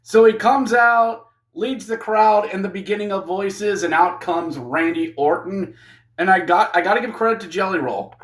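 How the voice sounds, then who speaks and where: A man with a fairly high voice talks through a wrestling event in a loose, casual monologue. He gets excitable and jokey, often acting out quick lines for the people he describes. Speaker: wrestling reviewer.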